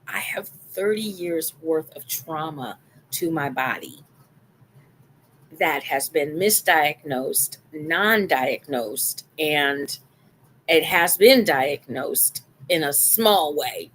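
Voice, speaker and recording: A woman's voice: deep voice, animated, slow, a bit bright, slight background noise. A middle-aged woman hosting a live-stream talk show, chatting casually and repeating phrases for emphasis.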